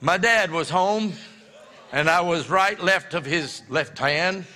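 In a church sanctuary with long hall reverb, a middle-aged pastor preaches a sermon, spinning folksy stories and laughing often. His voice sits high with a sharp tone, and he takes it slowly.

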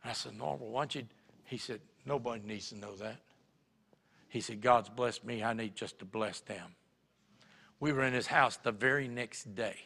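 A man preaching a sermon as pastor, telling stories that swing from quiet asides to emphatic points. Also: mid-range voice, moderate pace, gravelly, husky, big-room sound. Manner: storytelling, shifts between quiet and emphatic. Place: church sanctuary.

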